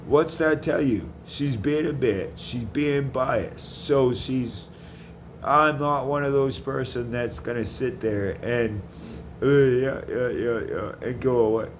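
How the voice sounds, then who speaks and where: A man's voice: mid-range voice, slow, a little hiss or hum. Man ranting angrily, heavy swearing. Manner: heated, profane, repeats himself. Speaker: vlogger. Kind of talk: angry rant to camera.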